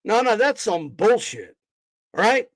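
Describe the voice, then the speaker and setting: Guy going off at his chat on stream, swears a lot, kinda high voice, dry close sound. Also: sing-song, takes it slowly, fairly bright tone, no echo, poor audio. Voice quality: profane, confrontational, mocking. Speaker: boxing streamer. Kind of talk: heated live-stream rant.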